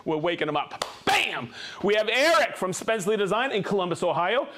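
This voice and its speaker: Man, live-show host, casual chat, higher voice, very animated pitch, upbeat, laughs a lot. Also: fast talker, slight background noise. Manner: upbeat, reads viewer shout-outs, laughs often.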